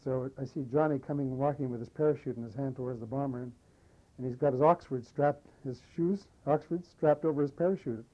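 An older man recounting wartime memories in an oral history interview, a lively storyteller who acts out the dialogue. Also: medium pitch, fairly quick, muffled recording. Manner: lively anecdotal storyteller, animates quoted dialogue. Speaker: war veteran interviewee.

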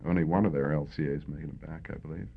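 An older Canadian man speaks in a very deep, gravelly voice with a husky edge. He reflects slowly, pausing and restarting as he recalls events. The sound is thin and tinny, like an old phone-line recording. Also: steady tone. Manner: reflective, hesitant with many fillers. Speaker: veteran interviewee. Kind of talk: oral history interview.

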